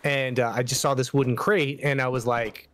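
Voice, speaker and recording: A man's voice: mid-range voice, steady tone, normal speed, background noise. A man playing a co-op survival game on stream, laughing easily and spinning jokey stories. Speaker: co-op streaming partner. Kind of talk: casual co-op gameplay chat.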